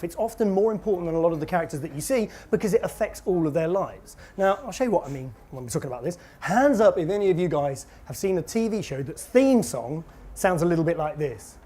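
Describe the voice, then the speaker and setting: Animated playful man teaching kids. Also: high voice. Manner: playful and exaggerated, quick to laugh at his own jokes. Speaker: comic book author. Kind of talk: lively live talk to children.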